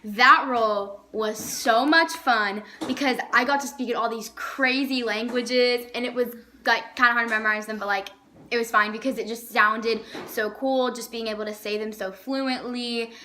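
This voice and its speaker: A woman's voice: a little high, steady tone, normal speed, sharp tone, slight background noise. A young woman chatting casually on a vlog, enthusiastic and full of "like" fillers. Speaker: vlogger. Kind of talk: casual chat.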